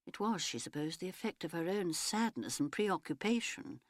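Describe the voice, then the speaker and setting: A woman reading a novel aloud as an audiobook narrator, measured and expressive. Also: lowish voice, no echo, studio quality.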